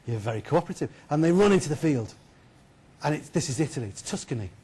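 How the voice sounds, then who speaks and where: Lively, chatty male storyteller. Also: on the high side, quick pace, husky. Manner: lively, chatty, asks the audience questions. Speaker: keynote speaker. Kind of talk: storytelling lecture to an audience. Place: lecture hall.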